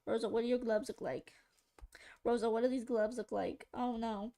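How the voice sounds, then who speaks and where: A woman with a high-ish, dark-toned voice speaks at normal speed with fairly even intonation as she draws on a live stream. The chat with viewers is casual and rambling, full of giggles and silly voices.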